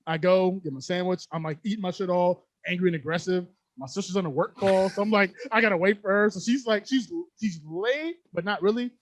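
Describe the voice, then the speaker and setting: A young man co-hosting a podcast, telling a story in animated, slangy casual chat and laughing often. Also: sits high, brisk, hardly any pauses, no echo. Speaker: podcast co-host.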